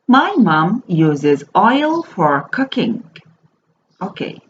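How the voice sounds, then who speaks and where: Woman teacher, phonics lesson for kids, spells words letter by letter, very slow, dull lo-fi sound. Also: lowish voice, big pitch swings. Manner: spells words letter by letter and repeats each word. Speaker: primary school teacher. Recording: dull lo-fi recording with faint noise.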